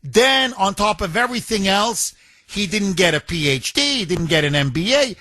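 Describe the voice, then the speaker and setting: Male talk radio host, sarcastic and outraged, bright tone, dry studio mic. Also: high-pitched, expressive, moderate pace, dry recording. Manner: mocking, indignant, mimics others in a whiny voice. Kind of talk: opinionated talk radio monologue.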